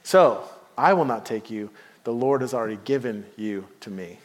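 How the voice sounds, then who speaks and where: A man voicing a calm, fearless young shepherd hero who declares firmly, in a hall with long reverb. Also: mid-range voice, normal speed, pitched below the performer's own voice, lightly acted. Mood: resolute.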